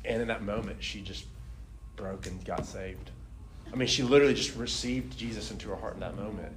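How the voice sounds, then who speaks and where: A young man telling a personal faith testimony in a casual, animated way, laughing often and filling his talk with "like". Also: fairly low pitch, brisk, a little hiss or hum. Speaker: speaker sharing a testimony.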